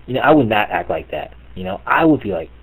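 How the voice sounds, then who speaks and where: A man with a husky, slightly low voice rants to his chat room, mocking and exasperated. He swears freely and piles on absurd scenarios in disbelief. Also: sing-song, fast, poor audio. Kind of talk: comedic rant on live chat.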